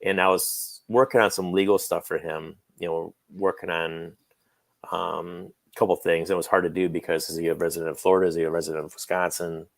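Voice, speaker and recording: A man's voice: low-pitched, level tone, a little fast, no echo. A man telling a personal story as a guest on a talk show, rambling, with many fillers, and acting out quoted lines. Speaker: guest, friend of the late actor. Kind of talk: casual interview storytelling.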